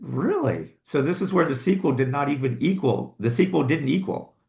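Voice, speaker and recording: A man co-hosting a casual movie chat, joking and halting with restarts. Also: a little high, expressive, gravelly, a little mellow, echoey room. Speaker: co-host.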